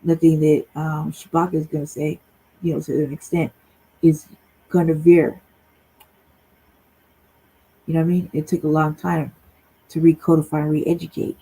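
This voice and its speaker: A woman's voice: deep voice, little pitch movement, moderate pace, long pauses, dark tone, breathy edge, poor audio. A woman talking bluntly and profanely on a livestream talk show over a remote call, often checking in with "right?". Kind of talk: casual heated talk. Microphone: remote streaming call.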